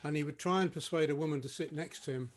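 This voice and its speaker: A man's voice: a little high, fast. A man introducing a blues guitar piece with a rambling, chuckling anecdote, recorded at home for an online session. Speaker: guitarist and singer. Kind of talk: casual spoken introduction.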